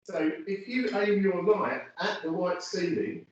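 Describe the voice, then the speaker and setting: Give me a chatty photography lecturer, recorded from across an echoey studio. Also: male voice, high voice, animated, unhurried. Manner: chatty and rambling, many fillers. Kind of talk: casual studio demonstration to students. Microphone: phone camera from across the room. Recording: roomy, distant, dull audio with faint noise.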